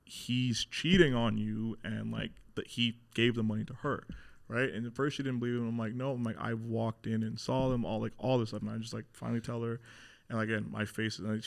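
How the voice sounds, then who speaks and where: A man's voice: mid-range voice, gravelly. A young man speaking as a podcast guest, telling a hard personal story in a casual, candid way with lots of fillers and swearing.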